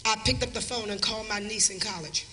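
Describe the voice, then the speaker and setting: A woman preacher telling a story in a sermon, shouting and urging the crowd to answer back. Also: medium pitch, quick pace, roomy sound, long reverb tail, a little hiss or hum. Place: church crusade service.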